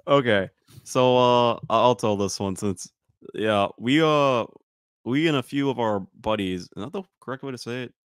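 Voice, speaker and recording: A man's voice: mid-range voice, moderate pace, clean tone, no room sound, clean studio sound. A young man co-hosting a comedy podcast, telling a story in a laid-back way and correcting himself. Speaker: podcast co-host. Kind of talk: casual storytelling chat.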